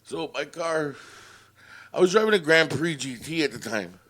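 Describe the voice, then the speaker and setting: A young man tells stories on a podcast in a loose, profane way, jumping into the voices of the people in them. His voice sits a bit high for a man, and he keeps the talk lively. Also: normal speed. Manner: profane, animated storyteller acting out quotes. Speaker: podcast host. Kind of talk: casual storytelling.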